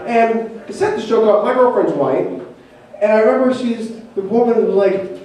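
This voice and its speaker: A man's voice: high-pitched, a little fast. A man performing a stand-up comedy set with brash, profane punchlines in front of an audience. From Arizona, US. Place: comedy club stage before a laughing crowd. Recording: echoey club, far mic, loud crowd. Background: audience laughter.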